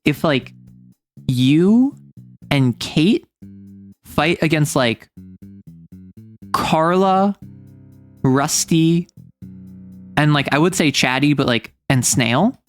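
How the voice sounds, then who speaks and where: A woman's voice: deep voice, lively intonation, extremely slow, long pauses, soft background music. A young adult woman streaming a game, chatting casually and joking with mock indignation.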